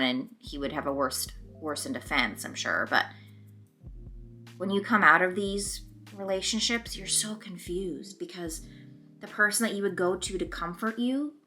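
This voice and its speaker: A woman's voice: fairly low pitch, bright, forceful tone. A young woman vlogger telling a personal story in an open, conversational, confessional way while doing her makeup. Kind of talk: candid confessional storytelling vlog.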